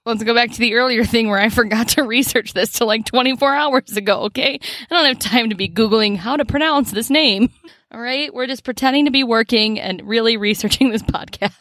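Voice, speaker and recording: A woman's voice: a little high, fairly bright tone, dry recording, studio quality. A woman with a Midwestern accent co-hosting a podcast in casual chat, self-mocking and laughing often. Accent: Midwestern American. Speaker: podcast co-host.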